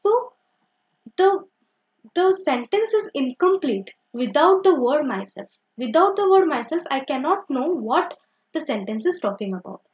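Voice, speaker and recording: A young woman teaching grammar, with a high, very lively voice that jumps up and down. She explains patiently, repeating herself and filling pauses with "okay" and "so." The recording sounds dull and lo-fi. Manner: repetitive, uses "okay" and "so" often, self-correcting.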